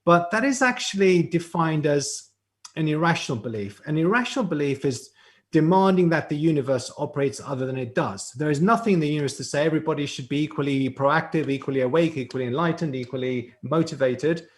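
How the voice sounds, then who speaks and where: A man on a live-streamed mental health panel who explains ideas in a calm, measured way. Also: fairly high pitch.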